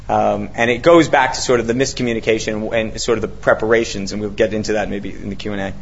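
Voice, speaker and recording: A man's voice: on the low side, fast, creaky, hardly any pauses, a little hiss or hum. A man telling a long story to an audience, acting out what people said, with many fillers and restarts. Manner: animated, acts out quotes, many fillers and restarts. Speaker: author speaking to an audience. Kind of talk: storytelling talk with quoted dialogue. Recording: dull lo-fi recording.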